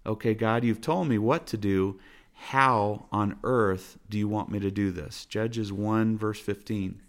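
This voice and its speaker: A man's voice: fairly low pitch, fairly even intonation, unhurried. A man preaching a sermon from his family's dinner table, earnest and exhorting, driving points home with repeated phrases. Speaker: pastor.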